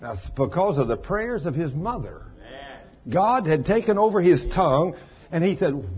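A man preaching a sermon, telling a testimony in a folksy, animated way and acting out voices. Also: a little high, moderate pace, muffled recording, some chatter behind. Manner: folksy, animated, acts out voices and shouts for emphasis.

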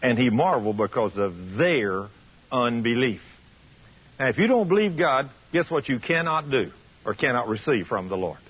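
Husky fervent radio preacher. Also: male voice, medium pitch. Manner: fervent, folksy storytelling. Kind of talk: radio sermon. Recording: muffled radio broadcast.

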